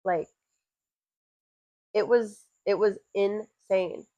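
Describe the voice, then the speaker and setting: A young woman co-hosting a podcast, telling stories with animated energy and frequent swearing. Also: mid-range voice, drawn-out words, no echo, rough recording. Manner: animated storytelling, often swearing and laughing. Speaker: podcast co-host, fighter's wife. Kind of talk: casual chat.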